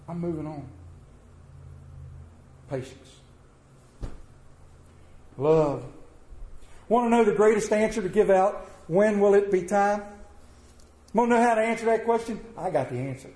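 A man preaching a sermon as pastor, swinging between loud emphatic bursts and quiet, soft-spoken asides. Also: high-pitched, sing-song, takes it slowly, pauses often. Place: church sanctuary with congregation. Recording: roomy church echo.

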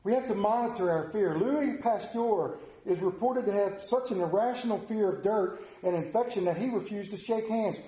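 A man's voice: high-pitched, moderate pace, few pauses, warm tone, roomy sound. A man delivering an interactive sermon in a casual, conversational way, asking his listeners questions. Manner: conversational, asks the congregation questions. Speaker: preacher.

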